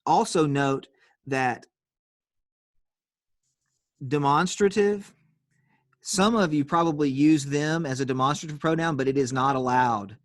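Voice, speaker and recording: A man's voice: a little high, measured pace, pauses often, no echo, studio quality. A man teaching an online grammar class on a video call, explaining patiently step by step and calling on students.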